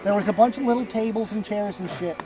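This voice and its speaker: A man's voice: high voice, quick pace, rough recording. A young man telling a crude, rambling story to friends in a casual, profane way, laughing at his own jokes. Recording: music playing loudly behind.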